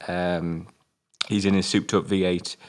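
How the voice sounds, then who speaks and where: A British man with a notably deep voice co-hosts a casual film review chat. He talks in a rambling, halting way, full of "um"s and offhand swearing. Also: little pitch movement. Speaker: co-host of a film review show.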